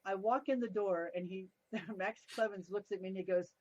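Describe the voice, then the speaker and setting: A woman's voice: mid-range voice, moderate pace, few pauses, no echo. A middle-aged woman telling stories as an interview guest on a video call, often laughing and acting out the people in her tale. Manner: lively, laughs often, acts out quoted people. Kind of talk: anecdotal storytelling in an interview. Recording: dull, dry lo-fi call audio.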